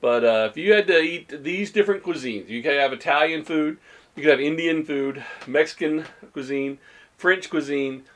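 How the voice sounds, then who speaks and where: A man leading a casual livestream church study, easygoing and halting with many fillers as he reads out viewer replies. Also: a little high, fairly bright tone. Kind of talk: casual livestream group chat.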